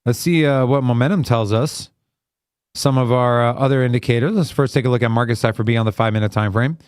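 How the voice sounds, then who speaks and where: A man's voice: medium pitch, quick pace, a little mellow, clean tone, no echo, clean studio sound. A man hosting a live trading stream, chatting with viewers by name and calling out chart patterns in a hyped, casual way.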